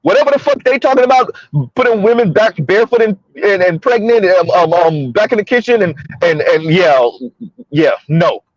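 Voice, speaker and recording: A man's voice: high-pitched, moderate pace, no echo, lo-fi sound. A man hosting a live stream, ranting and mocking as he comments, often swearing and laughing.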